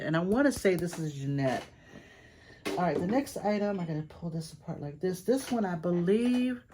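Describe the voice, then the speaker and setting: Gushing woman showing off her finds. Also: fairly low pitch. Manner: gushing, repeats praise words; chatty, addresses viewers directly. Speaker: online antiques reseller. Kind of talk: casual haul show-and-tell.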